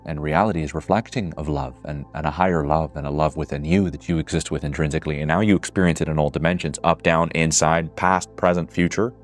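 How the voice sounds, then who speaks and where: A man in his twenties giving an earnest, reflective monologue, swearing casually at times. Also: rumbling low. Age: 20s. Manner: earnest, builds to emotional intensity. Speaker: speaker.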